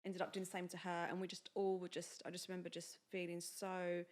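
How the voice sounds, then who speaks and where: A woman's voice: on the low side, brisk. A young woman, chatting on a podcast as co-host and telling a personal story, acting out the voices of the people in it. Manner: chatty, animated, acts out quoted dialogue. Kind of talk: casual chat, personal storytelling.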